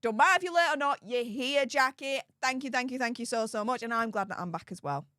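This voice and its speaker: A woman's voice: on the high side, fast, pushed and bright, dry recording, clean studio sound. A woman hosting a casual live stream, chatting and reading out viewer comments, laughing often and repeating herself. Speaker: livestream host.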